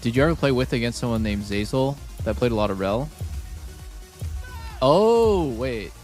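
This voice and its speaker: In a mid-range, darkish, expressive voice at a moderate pace, a game streamer chats casually with his audience. He meanders and swears, peppering everything with "like," while soft music plays.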